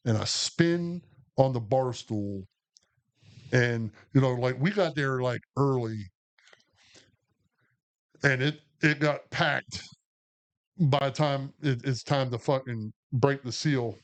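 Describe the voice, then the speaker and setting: A man's voice: medium pitch, takes it slowly, pauses often. A man, co-hosting a podcast and telling a long, profane, rambling story full of restarts. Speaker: podcast co-host. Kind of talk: casual storytelling chat.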